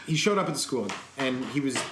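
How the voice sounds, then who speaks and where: A man's voice: medium pitch, expressive, fairly quick, roomy sound, background noise. A young man from Canada co-hosting a podcast, telling crude rambling stories in casual chat and laughing often. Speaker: podcast co-host.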